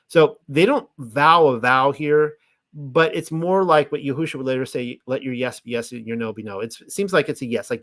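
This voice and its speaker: A man's voice: mid-range voice, normal speed, fairly bright tone, no echo. A man reading scripture aloud and explaining it in a loose, chatty way as a Bible teacher. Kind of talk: casual scripture reading and commentary.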